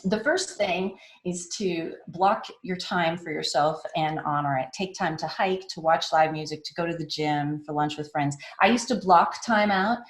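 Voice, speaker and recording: A woman with a fairly low voice gives a casual conference talk. She is chatty and laughs often, and when she quotes people she jumps her pitch up into little acted-out voices. The room is echoey. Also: moderate pace, hardly any pauses. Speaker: conference speaker. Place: online meetup talk in a room.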